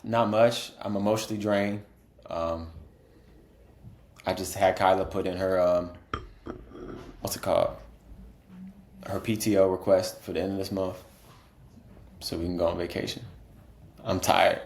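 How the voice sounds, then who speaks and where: Deep-voiced dude co-hosting a chill podcast, easygoing, roomy echo. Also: male voice, little pitch movement, unhurried, gravelly, long pauses, darkish tone, slight background noise. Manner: laid-back, laughs often, rambling stories. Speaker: podcast co-host. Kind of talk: casual chat.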